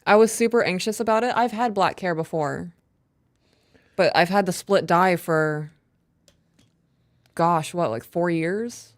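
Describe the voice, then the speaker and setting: Young woman co-host, low-pitched, dry close sound, chatty and self-conscious. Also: unhurried, pauses often, no room sound. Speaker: podcast co-host. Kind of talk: casual live-stream chat and email reading.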